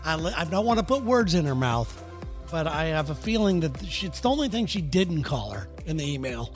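A man's voice: fairly high pitch, sing-song, a little fast, faint music behind. Joking, rambling male podcast host. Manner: joking, rambling, laughs often. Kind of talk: casual comedic chat.

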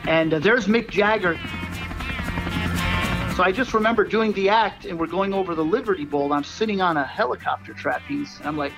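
A man with a high, light voice tells stories from his life in a circus act, chatty and animated. He slips into quick quoted voices as he goes. Faint music plays underneath. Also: vocal fry, highs cut off. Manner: animated anecdotes, quoting people in quick voices. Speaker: circus performer, owner of the act. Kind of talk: casual storytelling.

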